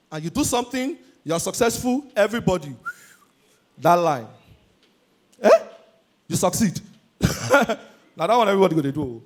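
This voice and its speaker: A young Nigerian man doing a high-energy stand-up comedy routine on stage, shouting his punchlines and slipping into Pidgin. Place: live comedy stage before an audience.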